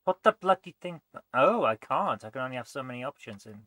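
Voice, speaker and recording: Male let's play host, bright dry voice, mutters and thinks aloud. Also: mid-range voice, expressive, fairly quick, no echo. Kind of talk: gameplay commentary.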